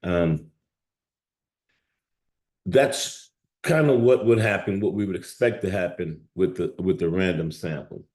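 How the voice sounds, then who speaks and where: A man with a very low voice leads a lecture for students. He speaks in a conversational way, often checking in with his listeners. The sound carries a noticeable room echo. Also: a little slow, pauses often, darkish tone. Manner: conversational, repeats "okay?" to check in. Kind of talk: evening webinar lecture on statistics.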